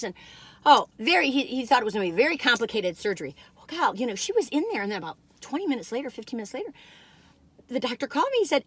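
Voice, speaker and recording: A woman's voice: high voice, fairly bright tone, no echo. An older woman, chatting casually and rambling to viewers while reviewing food in her car.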